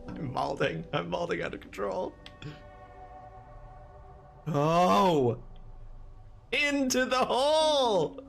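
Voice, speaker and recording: A man streaming a game, giving casual commentary with loud, excitable outbursts and swearing. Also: high voice, extremely slow, creaky, long pauses, soft background music.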